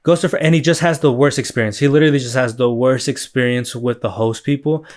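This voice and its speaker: A man's voice: mid-range voice, fairly even intonation, fast. Male podcast host, mid-range voice, loose rambling delivery with plenty of filler words and swearing. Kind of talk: casual solo podcast chat.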